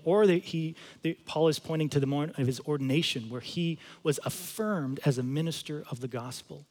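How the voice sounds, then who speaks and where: A male pastor delivers a sermon in a fairly high voice, moving between scripture reading and casual, emphatic storytelling. His voice carries a long reverb from a church auditorium. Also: normal speed, few pauses, a little mellow. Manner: conversational storytelling, emphatic asides. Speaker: campus pastor.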